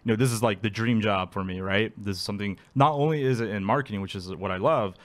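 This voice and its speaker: A man's voice: on the low side, fast. A man being interviewed, telling his story casually, laughing often and acting out quotes. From Alaska. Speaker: guest.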